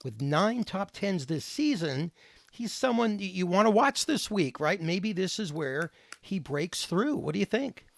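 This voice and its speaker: A man co-hosting a sports podcast, chatting casually and reading news items and stats in a steady, scripted way. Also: high voice, unhurried, vocal fry.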